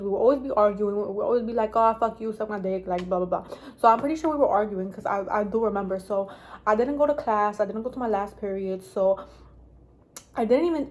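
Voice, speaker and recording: A woman's voice: mid-range voice, a little mellow. A young woman telling a casual storytime vlog, rambling and swearing, with lots of "like". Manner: rambling, profane, heavy use of "like". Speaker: vlogger.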